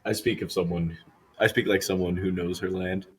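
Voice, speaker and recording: A man voicing a cryptic, proud female traveler who answers in riddles and speaks slowly and aloofly. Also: low voice, steady tone, natural voice. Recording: distant mic with faint noise.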